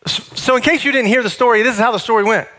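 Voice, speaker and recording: A man's voice: very high voice, rapid-fire, bright, forceful tone. A man in his thirties preaching a sermon, telling family stories in a conversational way before moving into teaching. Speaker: pastor.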